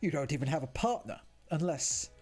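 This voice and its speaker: A streamer voicing a scornful, wealthy older man who talks down to his son, slow and haughty. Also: fairly high pitch, animated, a little mellow, breathy edge, soft background music, pitched above the performer's own voice. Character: scornful rich old father, cold.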